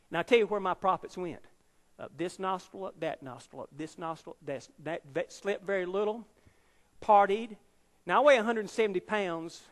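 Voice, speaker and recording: A man's voice: high-pitched, long reverb tail. A man in his fifties, an evangelist telling his life story as a sermon to a university audience, dramatic and emphatic, acting out the people in his story. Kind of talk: testimony sermon. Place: large university auditorium.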